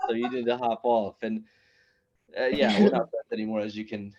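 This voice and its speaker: A man's voice: on the low side, flat delivery, brisk, lo-fi sound, crowd noise. A man in his thirties doing a stand-up comedy set, rambling and conversational, often restarting his sentences. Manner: rambling, conversational, self-interrupting. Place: small open-mic venue, online.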